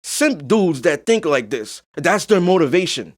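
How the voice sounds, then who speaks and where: With a slightly high voice that swings widely in pitch, this podcast host talks unhurriedly through a casual monologue. Blunt, emphatic and freely profane, he keeps tossing in "you know what I'm saying."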